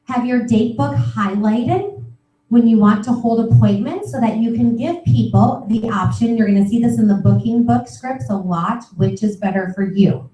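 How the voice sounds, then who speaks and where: A middle-aged woman coaching with a bright, peppy energy, her voice sitting a little high and warm in tone. She sounds some distance from the mic in a roomy, echoey space. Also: normal speed. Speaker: sales trainer. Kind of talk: live training talk. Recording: echoey room, voice from far off the mic.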